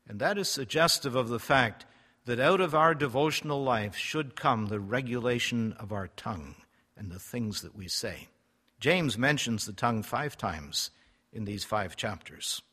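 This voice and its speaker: A man preaching a sermon, reading scripture slowly and solemnly, his loudness rising and falling for emphasis. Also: mid-range voice, slightly rough. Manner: emphatic, swells and drops in loudness; reads scripture in slow, solemn cadence. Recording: long hall reverb.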